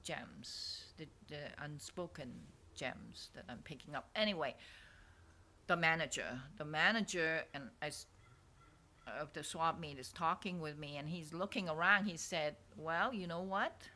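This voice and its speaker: Low, bright-toned woman vlogger; digressive, self-interrupting, drifts into near-whispers. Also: a little slow. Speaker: artist vlogger. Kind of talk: rambling casual monologue. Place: swap meet stall.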